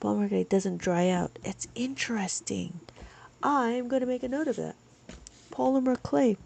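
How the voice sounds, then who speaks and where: A woman's voice: on the high side, moderate pace, gravelly, a little mellow, a little hiss or hum. A woman teaching abacus on a live stream, chatting with viewers and reading their comments aloud.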